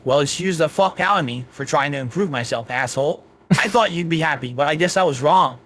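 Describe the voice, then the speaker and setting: A man's voice: a little high, fairly quick, fairly bright tone. A man's AI voice playing a rude, foul-mouthed male chatbot with a Southern US accent who insults the streamer. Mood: snide. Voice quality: crude, insulting, grumpy. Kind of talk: AI voice chatbot replies.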